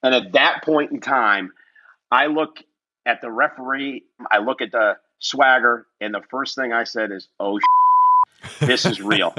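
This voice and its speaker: A man telling a lively, self-mocking story as a guest in a casual interview, acting out the voices of the people in it. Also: mid-range voice, a little slow, rough recording.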